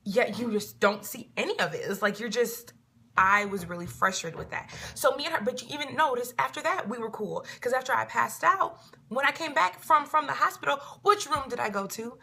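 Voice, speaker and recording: A woman speaks to camera in a casual vlog, answering viewers as a reality show cast member. She is emphatic and repeats herself, and her bright voice carries a husky, gravelly rasp. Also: a little high, expressive, a little fast. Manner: emphatic and repetitive, filling gaps with "da da da".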